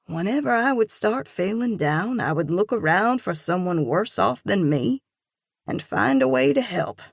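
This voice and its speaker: A woman voicing a kind, devout older mother who speaks in an earnest, gently encouraging way. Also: medium pitch, animated, measured pace, vocal fry, breathy edge, dry recording, clean studio sound, full character voice.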